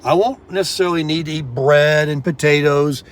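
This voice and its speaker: At a moderate pace and a fairly high pitch, a male vlogger rambles casually to his viewers, calling them folks. He's outdoors in a sunny town, filming on his phone.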